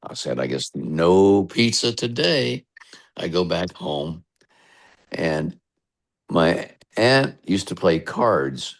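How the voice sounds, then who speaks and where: A man's voice: very deep voice, gravelly. An American man, a radio DJ, telling rambling stories as a guest in a casual interview. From United States. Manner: chatty, rambling anecdotes.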